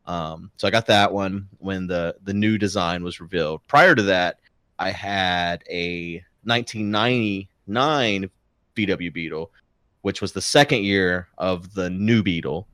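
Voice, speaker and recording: Low-voiced man rambling as podcast guest. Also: measured pace, a bit bright, no echo, studio quality. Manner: rambling, self-correcting, chuckles often. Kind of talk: casual chat.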